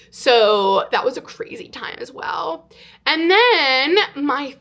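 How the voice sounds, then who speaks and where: A woman in her twenties from California, telling a personal story to camera in a casual, animated way with lots of "like". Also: a little high, slow. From California, United States. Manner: animated, exaggerated retelling with frequent "like". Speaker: vlogger. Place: indoors, sit-down filming.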